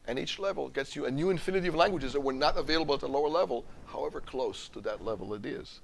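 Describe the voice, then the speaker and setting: A man's voice: medium pitch, fast, creaky. Emphatic male professor lecturing a class. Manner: emphatic, repeats and restarts words, quizzes the class. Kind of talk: university lecture. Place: lecture hall.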